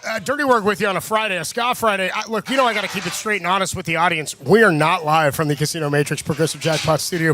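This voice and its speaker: A man's voice: high-pitched, fast talker, few pauses, bright, forceful tone, a little hiss or hum. A young man co-hosting a sports radio show in a loose, joking way, saying dude a lot. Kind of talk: casual radio chat.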